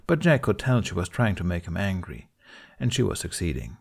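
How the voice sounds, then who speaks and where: Man, deep-ish voice, steady measured story narration, fan fiction reading. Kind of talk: scripted narration.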